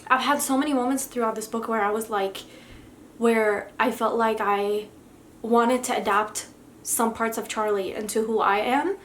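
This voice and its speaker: Young adult woman, book vlogger, slightly high voice, effusive and heartfelt, faint ambience behind. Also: steady tone, normal speed, a little hiss or hum. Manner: effusive and heartfelt, gushing with emotion. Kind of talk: casual book review.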